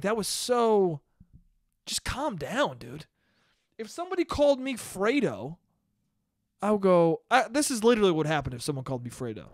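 A man talks loosely on his own podcast, breaking into laughter often and swearing freely. His voice sits high and swings widely in pitch. The sound is dry and close. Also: dry recording. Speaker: podcast host. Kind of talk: casual solo podcast rant.

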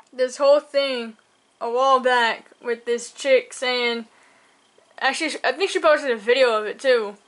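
A woman's voice: fairly high pitch, fairly bright tone. A young woman hosting a reaction video, rambling with lots of fillers, hiccuping and up late at night. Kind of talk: casual reaction commentary.

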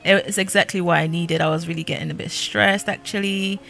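A woman's voice: fairly low pitch, steady tone, a little fast, creaky, fairly bright tone, soft background music. A young woman voicing a pampered girlfriend in a life-sim game, gushing and dramatic in her own voice.

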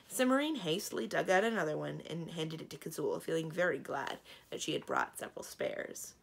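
Lady reading a kids' book out loud, gravelly low voice, lots of ups and downs. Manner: expressive storytelling. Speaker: librarian reading aloud. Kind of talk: children's book read-aloud narration.

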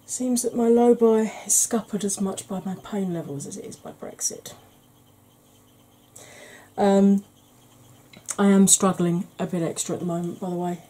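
A woman talks through an ASMR makeup tutorial in a soft, mellow voice, close to the mic. She is tired from lack of sleep. She chats and rambles with dry, self-mocking humour. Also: mid-range voice, steady tone, normal speed, pauses often, low-quality recording. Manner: chatty, rambling, wry humour. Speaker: beauty channel host.

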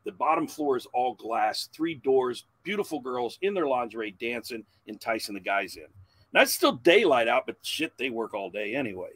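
A man in his forties, a podcast guest, telling a long profane story in a loud, animated way. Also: mid-range voice, normal speed, dry recording.

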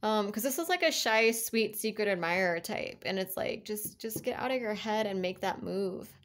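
A woman tarot card reader gives a casual reading, chatty and encouraging, rambling with plenty of fillers and restarts and laughing between thoughts. Her medium-pitched voice has lively intonation at a normal speed.

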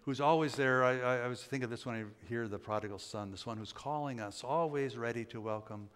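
A man's voice: medium pitch, fairly quick, a bit bright, clean tone. An older man preaching a sermon as pastor, in a folksy, conversational storytelling manner with many fillers. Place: church sanctuary. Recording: church sanctuary with long reverb.

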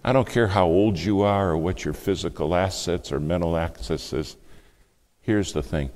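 A man preaching a sermon, telling a family story with hushed asides and louder bursts. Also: sits low, moderate pace. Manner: dramatic storytelling, acts out quoted speech, shifts between hushed and loud.

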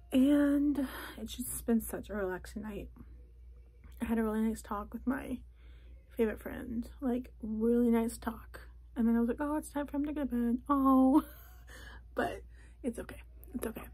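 A young woman vlogging in a casual chat from a closet at home, talking softly and often slipping into a whisper. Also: a little high, breathy edge. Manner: soft, often drops to a whisper.

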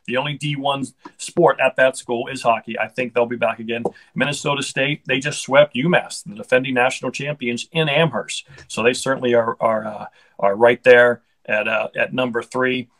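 A man's voice: medium pitch, steady tone, moderate pace, a bit bright, poor audio. A middle-aged man, a hockey broadcaster, chatting casually in an interview with an upbeat, rambling manner and frequent restarts.

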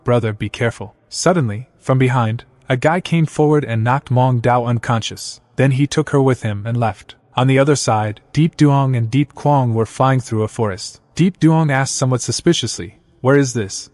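A man narrating a scripted story recap in an even, plain storytelling way. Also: mid-range voice, normal speed, hardly any pauses, dry recording, studio quality.

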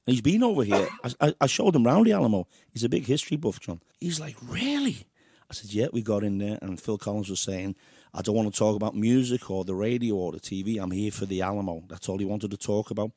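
A man's voice: on the low side, fast, dark tone, no room sound, studio quality. An English man hosting a casual interview over a video call and telling rambling, chatty stories. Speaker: host and musician.

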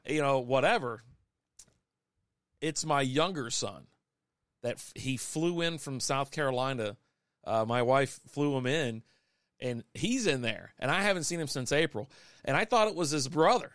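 A man's voice: mid-range voice, animated, measured pace, long pauses, a bit bright, no echo, clean studio sound. A man, chatting casually and rambling with many restarts as a podcast host. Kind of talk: casual live-stream chat. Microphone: desk microphone.

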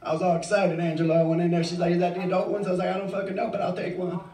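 Middle-aged male open-mic comic, crude, rambling and profane, with a high voice, caught from a distance in a roomy bar. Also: little pitch movement, rapid-fire, dark tone. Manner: crude, rambling, swears freely. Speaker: stand-up comic. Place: bar stage. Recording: echoey bar, mic far off.

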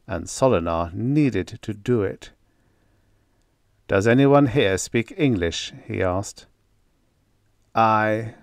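A man narrating a science fiction short story as an audiobook, reading slowly and deliberately. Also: on the low side, darkish tone, no room sound, clean studio sound. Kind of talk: scripted narration.

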